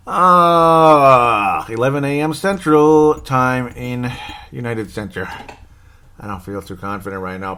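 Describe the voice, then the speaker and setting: Rambling, nervous man. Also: lowish voice. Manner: rambling, self-correcting, anxious and wry, chuckling often. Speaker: hockey podcast host. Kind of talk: casual solo sports commentary.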